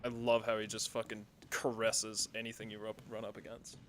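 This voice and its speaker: A man streams a horror game and reacts with profane, sarcastic commentary. His voice is bright and sharp. There is a faint hiss of noise behind him. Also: lowish voice, monotone, fairly quick. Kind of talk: casual gameplay commentary.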